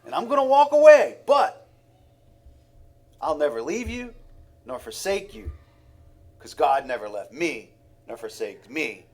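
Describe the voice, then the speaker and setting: A man's voice: on the high side, big pitch swings, unhurried, long pauses, a little mellow. A man preaching a sermon in a heartfelt way, with sighs and acted-out examples.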